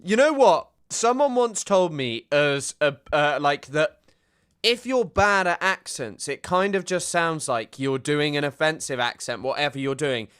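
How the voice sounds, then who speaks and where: Male streamer, animated pitch, smooth voice, chatty news commentary with fillers. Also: unhurried. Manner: chatty, loose, many fillers. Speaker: streamer reacting to news clips. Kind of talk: casual commentary.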